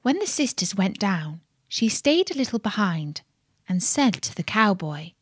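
A woman narrating a fairy tale with expressive storytelling. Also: medium pitch, measured pace, breathy edge, no echo, clean studio sound.

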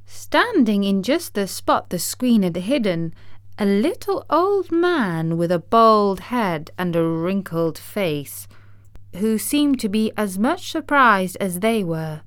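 A woman reading a children's story aloud in a calm, even way. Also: mid-range voice, takes it slowly, clear, resonant tone, no room sound, clean studio sound. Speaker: narrator.

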